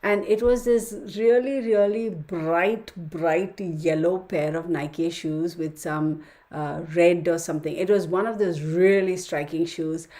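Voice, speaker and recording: A middle-aged woman with a voice on the low side hosts a tarot livestream, speaking a little slowly. She chats casually with viewers and tells stories in an excitable, talkative way.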